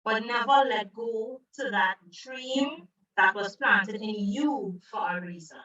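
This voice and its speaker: A woman from Trinidad, an environmental advocate and author, speaking as an interview guest and telling stories with lively quoted voices. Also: on the high side, slow pace, far from the mic, highs cut off. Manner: animated storytelling, acts out quoted voices. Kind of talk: conversational interview. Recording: roomy echo, away from the mic.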